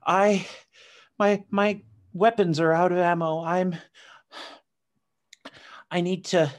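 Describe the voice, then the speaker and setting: A man's voice: high voice, steady tone, slow pace, voice pushed up. A man voicing his tabletop game character and pleading in a pitiful way for a ride. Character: tall man putting on a pitiful plea.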